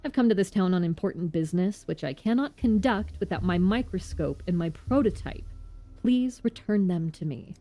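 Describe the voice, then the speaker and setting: A woman voicing a serious young male doctor, speaking in a formal, measured way. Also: fairly low pitch, animated, mellow, soft background music, lightly acted. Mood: stern. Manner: formal, measured, slightly lofty.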